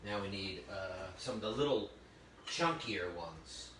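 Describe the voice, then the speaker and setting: A man runs a cooking demo in a chatty, exclamatory manner, his voice bright and forceful yet fairly low. He sounds some way from the mic in a roomy space, with a faint ambience behind him. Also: lively intonation, a little slow, distant mic, slight background noise. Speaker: cooking demonstrator. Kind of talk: live cooking demonstration.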